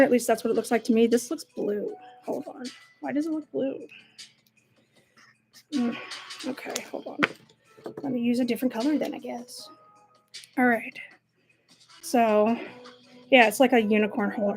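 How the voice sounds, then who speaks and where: Woman talking thru her drawing, kinda high voice, laughs at herself a lot. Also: fairly even intonation, moderate pace, pauses often, darkish tone, soft background music. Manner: chatty, self-mocking, laughs often. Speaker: art vlogger. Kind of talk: casual narration while drawing.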